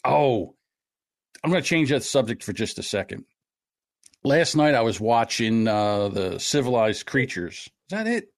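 Male podcast host, sarcastic ranting, very lively pitch, casual comedic chat. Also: unhurried.

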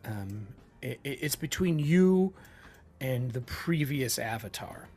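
A man doing a hesitant, gentle mother. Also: mid-range voice, expressive, soft background music. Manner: hesitant, halting.

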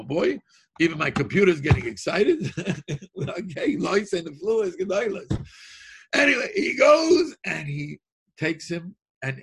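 A man with animatedly telling a story, excitable, laughing often, repeating his words and breaking into snatches of melody. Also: fairly high pitch, vocal fry, slightly rough.

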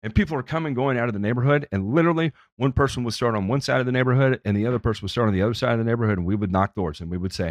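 Profane, animated male podcast host. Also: fairly low pitch, racing, few pauses, no echo. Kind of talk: casual podcast chat.

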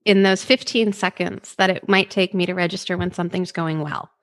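A woman's voice: lowish voice, fairly even intonation, brisk, fairly bright tone. A woman co-hosting a conversational talk, thoughtfully adding her own points.

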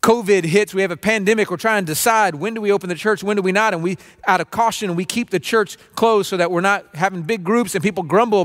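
A pastor delivering a sermon in an earnest, preacherly way, acting out grumbling voices. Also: male voice, high voice, quick pace, hardly any pauses, fairly bright tone. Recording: long reverb of a large room.

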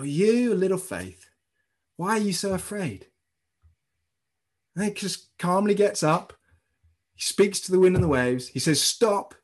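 A man preaching a sermon as pastor, telling a story in a lively way and speaking directly to his congregation. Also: high voice, husky. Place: church service streamed online.

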